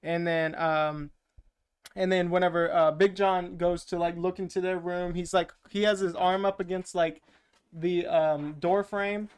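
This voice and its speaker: A man's voice: high voice, little pitch movement, measured pace, clean tone. A man co-hosting a podcast, casually retelling a movie plot in a rambling way with quoted lines. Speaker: podcast co-host. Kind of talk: casual movie recap chat.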